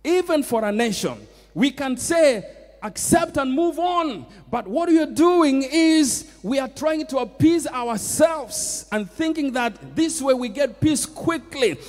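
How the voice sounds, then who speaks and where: A Kenyan man preaching in a high, ringing voice, repeating his key lines for emphasis. His sermon carries the long reverb of a church hall. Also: expressive, a little slow, few pauses, faint music behind. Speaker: pastor.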